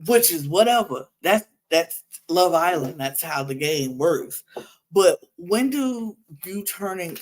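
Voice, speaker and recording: Animated woman ranting on a podcast. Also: sits low. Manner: animated, exasperated ranting with lots of asides. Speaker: podcast host. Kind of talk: reality TV recap chat.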